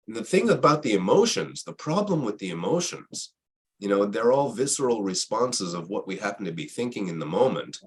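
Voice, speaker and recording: Low, husky man in reflective talk; repeats himself, asks rhetorical questions. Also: sing-song, a little fast. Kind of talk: reflective spiritual conversation.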